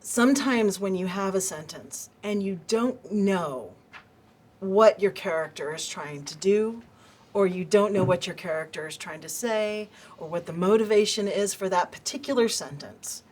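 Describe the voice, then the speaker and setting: A woman's voice: mid-range voice, animated, normal speed, darkish tone. A woman on a drama panel giving acting advice and agreeing with the others. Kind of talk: panel discussion.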